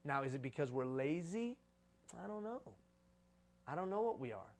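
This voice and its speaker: Man, somewhat high voice, conference speaker, preachy, repeats phrases for emphasis. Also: big pitch swings, normal speed. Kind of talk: live conference talk.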